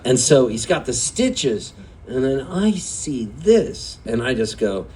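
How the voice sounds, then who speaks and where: A man's voice: medium pitch, big pitch swings, takes it slowly, a little mellow, slight background noise. Chatty man rambling through a stage story. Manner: rambling, chatty, laughs often. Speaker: singer-songwriter telling a story on stage. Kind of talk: live stage storytelling between songs. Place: live music venue.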